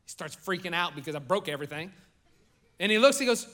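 A man's voice: high-pitched, fast talker. A man in his forties preaching a sermon as pastor in a church, telling stories and joking with the congregation. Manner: animated storytelling, joking with the congregation. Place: church sanctuary.

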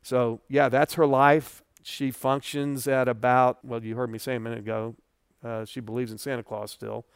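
A middle-aged man teaching a Bible study, telling a personal testimony in an earnest, conversational way that rises with feeling and then drops quiet. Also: level tone, normal speed, clear, resonant tone, no echo, clean studio sound. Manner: earnest and conversational, voice swelling then dropping low.

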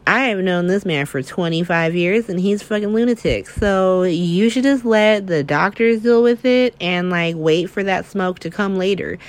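Blunt man's warning, read by a woman in her own voice, mid-pitched, profane. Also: moderate pace, few pauses, lightly acted. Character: blunt man warning a friend.

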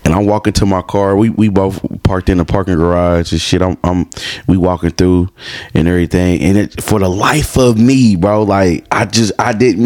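A man's voice: sits low, normal speed, darkish tone. A man co-hosting a podcast, telling stories in loose casual chat full of crude slang. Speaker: podcast co-host.

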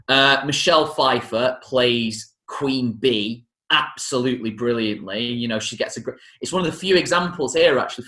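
Enthusiastic male podcast host, restarts often, bright tone, echoey room. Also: mid-range voice. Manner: enthusiastic, with many restarts and self-corrections. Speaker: podcast host reviewing a film musical. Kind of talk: casual chat.

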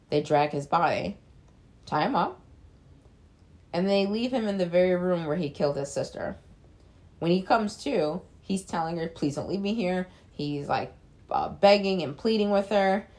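Chatty woman recapping a film. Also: lowish voice. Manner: chatty, loose, lots of "like" fillers, blunt swearing. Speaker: film reviewer.

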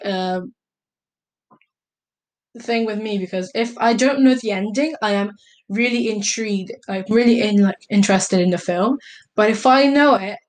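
Rambling young woman answering questions. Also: mid-range voice. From Italy. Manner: rambling, hesitant, lots of fillers and self-corrections. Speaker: vlogger. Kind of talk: casual question-and-answer vlog.

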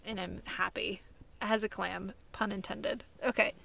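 A woman's voice: medium pitch, steady tone, measured pace, gravelly, fairly bright tone. A young woman from California co-hosting a podcast, chatting casually with lots of fillers and laughs. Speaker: podcast co-host. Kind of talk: casual chat.

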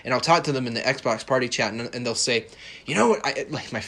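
A man's voice: medium pitch, steady tone, fast, pushed and bright. A young man hosting a podcast, delivering a heated, profane, confrontational monologue. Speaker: podcast host. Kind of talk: ranting monologue.

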